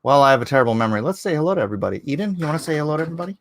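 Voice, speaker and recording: Rambling, lively-voiced male livestream host. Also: fairly high pitch, rapid-fire, no echo, studio quality. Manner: rambling, self-interrupting, jokey. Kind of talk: casual livestream chat. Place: home studio.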